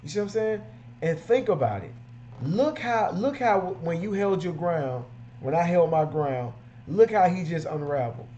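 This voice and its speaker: A man's voice: high-pitched, animated, moderate pace, dark tone, dull audio, slight background noise. A man who runs a mobile detailing business, giving emphatic, repetitive, street-casual advice.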